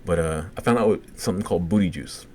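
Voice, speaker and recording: A middle-aged man with a Cajun accent, co-hosting a podcast and telling a long story in a casual, profane, animated way, acting out the quotes. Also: sits low, fast. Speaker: podcast co-host.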